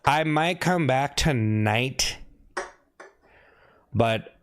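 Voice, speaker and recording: A young man hosting a live stream and chatting loosely with his viewers. He teases them by name, says the same jab over and over, and drifts into mumbling asides. His voice sits at an ordinary pitch for a man. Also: expressive, drawn-out words, fairly bright tone, a little hiss or hum. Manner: teasing, repeats himself, calls out chat names. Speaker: livestream host. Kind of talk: casual livestream chat with viewers.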